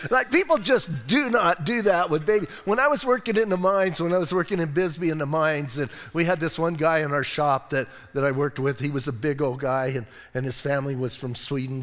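Animated American pastor in a reverberant hall. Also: male voice, a little high, moderate pace, hardly any pauses. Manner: animated storytelling with jokes and asides. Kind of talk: sermon. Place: church sanctuary.

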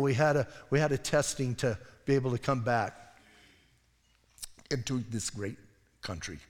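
A man preaching a sermon as pastor, animated and self-deprecating, dropping to quiet asides as he tells stories. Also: fairly high pitch. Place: church sanctuary. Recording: long hall reverb.

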